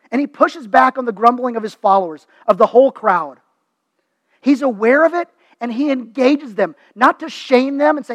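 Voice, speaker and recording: A man's voice: very high voice, normal speed, dry recording, poor audio. A man preaching a sermon in a conversational way, acting out what people say. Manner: conversational preaching, acts out quoted voices. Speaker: pastor.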